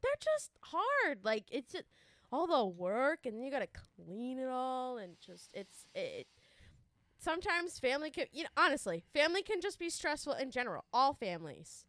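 A woman with a high, bouncy voice co-hosts a casual chat. She swings up and down as she jokes, sometimes slipping into a put-on Southern drawl. Her talk is blunt and salty, recorded close and dry. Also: very animated, normal speed, a bit bright, dry recording. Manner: joking, playfully puts on a Southern drawl; blunt and profane. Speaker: podcast co-host.

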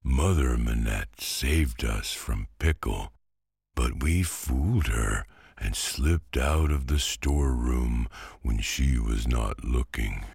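A man's voice: rumbling low, slow pace, vocal fry, a little mellow, slightly rough, dry recording, studio quality, heavily acted. A man doing a stout, breathless, jolly cabbage. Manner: jolly, chatty.

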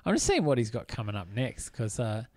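A man chatting eagerly about films on a podcast, his voice sitting at an ordinary middle pitch. The recording is close and dry, with no room sound around him, and he leans on plenty of ums and likes as he talks. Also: huge pitch swings, fairly quick, darkish tone, no room sound. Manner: chatty and enthusiastic, many fillers. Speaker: podcast co-host. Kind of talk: casual film discussion.

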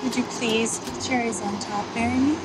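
A woman's voice: fairly high pitch, steady tone, moderate pace, lightly acted, rough recording. An actress playing a sarcastic woman boss who mockingly proposes in a sing-song voice, heard in a film clip. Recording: film clip with loud music.

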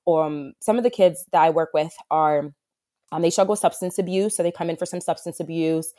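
A woman's voice: low-pitched, a little fast, dark tone, dry recording, clean studio sound. A woman therapist talking in an interview, earnest and heartfelt, with lots of fillers. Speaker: wilderness therapist for adolescent boys. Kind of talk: conversational interview.

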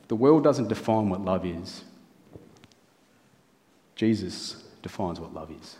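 A man's voice: lowish voice, a little slow, pauses often, dark tone. A man preaching a sermon in a church hall, earnest and building his points through lists and rhetorical questions. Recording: long reverb of a large hall.

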